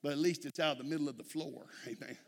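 A man's voice: a little high, fast, vocal fry, in a large hall. A man preaching a sermon in a church, telling folksy stories and calling out "amen?" to the congregation. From Texas. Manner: folksy storytelling, frequent "amen?" calls to the congregation. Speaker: pastor.

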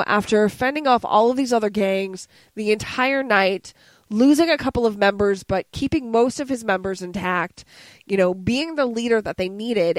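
A woman's voice: on the high side, fairly bright tone, no echo. A woman chatting casually about a movie with a co-host, rambling with fillers and asides.

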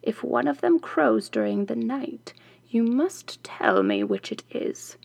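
A woman's voice: huge pitch swings, slow pace, creaky, dry recording, full character voice. A woman doing a furious wicked witch. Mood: low menacing. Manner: menacing, shifts between shrill shouts and low hissing threats. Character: furious scheming female witch.

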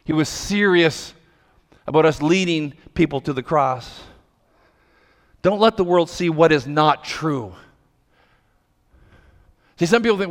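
Pastor guy preaching, kinda high voice, acts out the story voices, big echoey church hall. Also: a little slow, pauses often. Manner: animated, acts out quoted voices. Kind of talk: sermon with storytelling. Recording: long hall reverb.

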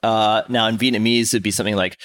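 Low-voiced American man, playful chat. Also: steady tone, quick pace, a bit bright, no room sound. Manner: playful, chatty, laughs often. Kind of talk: casual chat.

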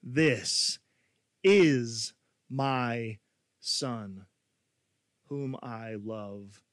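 A preacher voicing God speaking from heaven, slow, low and hushed. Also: male voice, no echo, studio quality. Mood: solemn.

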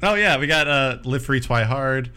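A man's voice: medium pitch, animated, moderate pace, sharp tone, clear, resonant tone. A man co-hosting a podcast in casual chat, cracking jokes and laughing freely. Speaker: podcast co-host.

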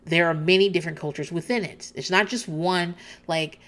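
This is an animated woman recapping a TV show in casual, candid chat. She restarts her sentences often and breaks into laughs along the way. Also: fairly low pitch, moderate pace.

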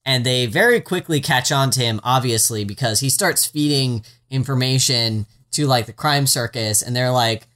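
At normal speed and with hardly any pauses, the co-host's medium, fairly bright voice runs on through a casual TV series recap. Asides pile up, full of "like" and "um," delivered with dry sarcasm and the odd curse.

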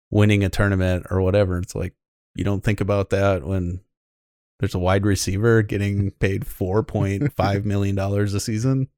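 A man's voice: low-pitched, darkish tone, no room sound, clean studio sound. A man co-hosting a casual gaming podcast, rambling along with lots of fillers and restarts. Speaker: podcast co-host.

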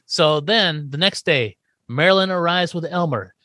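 A man recaps a sitcom episode with a podcast co-host, chatting casually. He jumps into the characters' lines with animated voices. The recording sounds dry and close. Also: on the high side, moderate pace, no echo. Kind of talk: casual chat.

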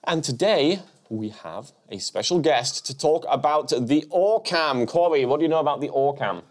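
A man's voice: on the high side, animated, normal speed. A man with an English accent co-hosting a tech show in jokey, laughing banter. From England. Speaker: co-host. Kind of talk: casual chat.

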